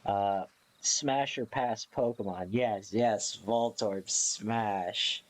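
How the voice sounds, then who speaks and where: A man chatting casually on a live stream, sleepy and yawning, rambling slowly in a playful, offhand way. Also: on the low side.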